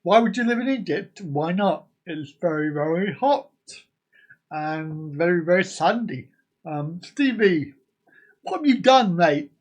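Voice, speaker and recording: A man's voice: sits high, expressive, unhurried. A man hosting a casual live stream, rambling and joking as he chats to his viewers. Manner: jokey, rambling, sings and laughs along.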